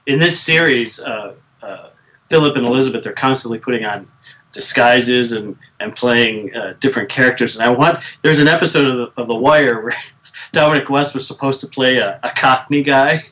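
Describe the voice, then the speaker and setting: A man in his thirties co-hosts a podcast in casual chat. He rambles, restarts often and laughs easily. His voice sits at an ordinary middle pitch. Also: moderate pace, a bit bright. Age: 30s. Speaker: podcast co-host.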